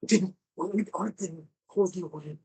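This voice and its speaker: A groveling, desperate villain pleads and bargains in a raised, pitched-up voice, wheedling for mercy, as a man puts him on. He sounds cornered and breathless, promising anything to be spared. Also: moderate pace, gravelly, darkish tone, husky, exaggerated voice. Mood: pleading. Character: pleading male villain begging for his life.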